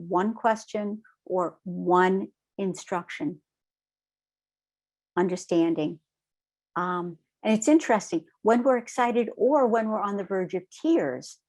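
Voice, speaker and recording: A woman trainer speaks slowly and deliberately, giving a lesson in a calm, steady manner. She is middle-aged and often pauses to check in with her listeners. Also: mid-range voice. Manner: calm, measured, repeats "right?" to check in. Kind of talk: recorded online training lecture.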